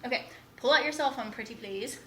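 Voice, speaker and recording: A woman teaching a class, talking very quickly and animatedly and often checking in with "right?". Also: on the high side. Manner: fast-talking, animated, keeps asking "right?". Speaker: instructor. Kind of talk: classroom lecture. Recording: echoey classroom, faint noise.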